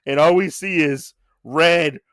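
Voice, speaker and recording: A man's voice: on the high side, slow pace, clear, resonant tone, no room sound, clean studio sound. A man co-hosting a casual podcast, retelling a comic chapter and acting out the characters' lines. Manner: animated, acts out characters' lines while recapping. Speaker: podcast co-host.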